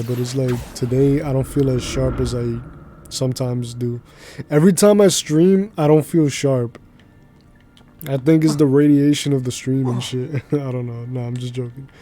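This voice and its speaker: A man streaming a game talks casually to his chat, rambling from one story to the next with plenty of slang. His voice is mellow and dark and stays very flat in pitch, with faint music playing underneath. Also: moderate pace. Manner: rambling, slangy, laughs easily. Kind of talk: casual chat while gaming.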